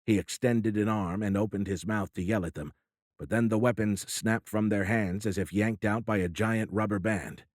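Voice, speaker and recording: Middle-aged male audiobook narrator, low and steady, dry studio read. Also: moderate pace, no echo. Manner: steady, even storytelling. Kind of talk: scripted narration.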